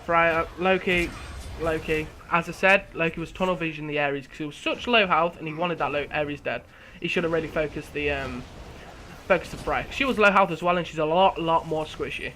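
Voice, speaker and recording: A young man, casually commentating over his own gameplay, chatty and quick to laugh at himself. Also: on the high side, sharp tone, a little hiss or hum.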